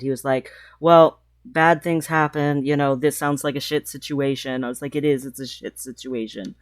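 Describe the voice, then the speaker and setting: A trans woman telling a personal story in a vlog, speaking emotionally with halting restarts. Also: a bass voice, a little mellow, dry recording, studio quality. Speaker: vlogger.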